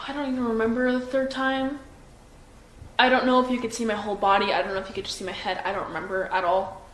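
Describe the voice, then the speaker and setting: A woman's voice: fairly high pitch, flat delivery, fast. A young woman in her twenties giving a police interview, hesitant and full of fillers and restarts. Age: 20s. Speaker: witness being interviewed by police. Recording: roomy room echo with faint noise.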